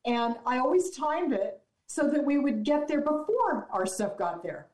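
A woman's voice: high-pitched, sing-song, unhurried, darkish tone, echoey room, rough recording. A woman guest telling a long story in a casual radio chat, rambling with restarts. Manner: chatty storyteller, restarts and fillers.

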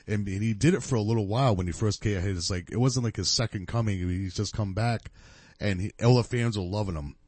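A man with a lowish voice talks casually on a podcast, circling through a story and stopping to correct himself. His voice is close and dry, with no room sound. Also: a little fast, darkish tone, no room sound. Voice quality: rambling, self-correcting storyteller. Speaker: podcast co-host. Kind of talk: casual chat.

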